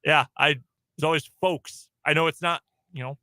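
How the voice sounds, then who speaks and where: A slightly nasal man with a Midwestern accent bantering on sports radio, his voice very bright and forceful with a somewhat high pitch. He keeps things upbeat and joking. The studio sound is dry and close. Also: fairly even intonation, moderate pace, no echo. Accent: Midwestern American. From American Midwest.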